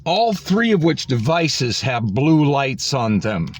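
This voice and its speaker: Sarcastic man ranting with a lively voice. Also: medium pitch, slow pace. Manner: exasperated, sarcastic, profane. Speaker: vlogger. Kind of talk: ranting vlog storytelling. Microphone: phone.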